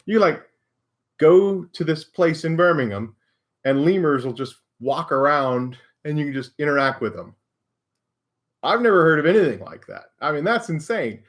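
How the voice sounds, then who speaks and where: A man's voice: on the high side, animated, normal speed. An American man hosting a live stream, answering viewer questions in a chatty, self-deprecating way and laughing often. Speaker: maker and live stream host.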